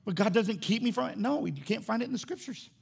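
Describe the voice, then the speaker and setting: A pastor preaching with a raised, gravelly voice, sitting high for a man. He moves from quiet reflection to soaring emphasis and voices imagined conversations along the way. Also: expressive, fast talker. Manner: preaching with rising intensity, acting out dialogue with God. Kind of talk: sermon.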